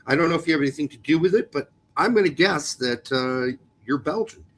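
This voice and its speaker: A man co-hosting a casual soccer show, his pitch bouncing lively up and down as he jokes and teases. He sits a little higher than most men and keeps things loose and playful. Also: fairly quick. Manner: joking, animated, teasing about pronunciations. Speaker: podcast co-host.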